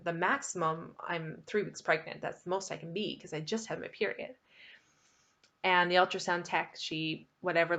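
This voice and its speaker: A woman's voice: on the low side, fairly bright tone, muffled recording. A woman in her thirties telling a personal story to the camera in a candid, chatty way, laughing now and then. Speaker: vlogger.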